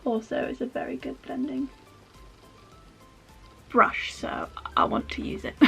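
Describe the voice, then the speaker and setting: A woman's voice: high-pitched, big pitch swings, takes it slowly, gravelly, faint music behind. A woman chatting her way through a makeup tutorial at home, rambling with self-mocking asides as she works. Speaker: makeup vlogger.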